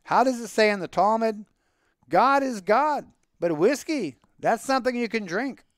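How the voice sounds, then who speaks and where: A man's voice: high-pitched, lively intonation, moderate pace, no echo, studio quality. A man voicing a poor middle-aged milkman who talks in folksy proverbs, in a read-aloud story.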